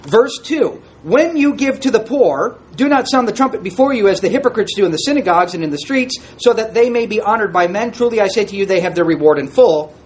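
A man with a high voice leads an interactive Bible class, reading scripture aloud and asking the group questions conversationally.

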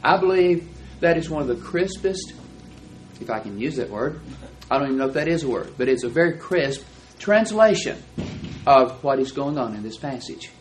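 A man teaching a Bible class, explaining verses and reading them out slowly and deliberately. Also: on the high side, animated, slight background noise, low-quality recording.

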